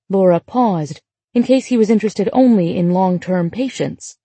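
A woman reads literary fiction as a scripted audiobook narration, her mellow, slightly husky mid-range voice staying even and measured. The sound is dry and close to the mic, with no room sound.

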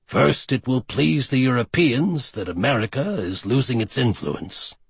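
A man voicing a calm, scheming male villain leader in an audiobook, speaking low, quiet and measured. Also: vocal fry, breathy edge, no echo, full character voice. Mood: lecturing.

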